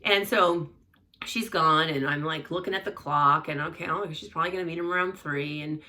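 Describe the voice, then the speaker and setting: Bright-voiced middle-aged mom storyteller. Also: female voice, low-pitched, fairly quick, far from the mic. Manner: chatty, rambling, acts out quoted speech. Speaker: mother telling her daughter's story. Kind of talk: casual personal storytelling.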